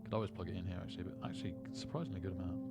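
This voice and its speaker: A man's voice: low-pitched, steady tone, very fast, loud music behind the voice. A man chatting casually to viewers on a live poker stream. He rambles and often repeats words as he starts a sentence. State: lightheaded.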